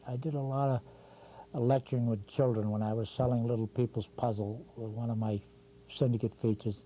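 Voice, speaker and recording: A man hosting a drawing show, chatting through each pencil stroke as he teaches cartooning step by step. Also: medium pitch. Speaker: drawing instructor and show host. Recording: dull 1990s community TV tape with faint hum.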